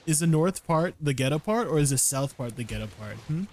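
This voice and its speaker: A young man games on a live stream, chatting casually with viewers and giggling between questions. His slightly high voice is expressive and a little fast, with a darkish tone. Faint background noise runs under the recording.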